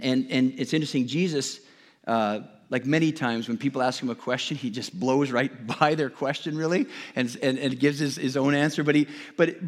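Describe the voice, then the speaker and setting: A man preaching a sermon to a congregation, talking in an earnest, conversational way with frequent restarts. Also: fairly high pitch. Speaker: pastor. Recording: long hall reverb.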